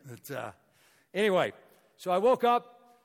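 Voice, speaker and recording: A middle-aged man from Missouri giving a motivational talk to a hall audience, telling an animated story and acting out the dialogue. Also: high voice, unhurried, gravelly. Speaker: guest speaker. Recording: echoey hall reverb.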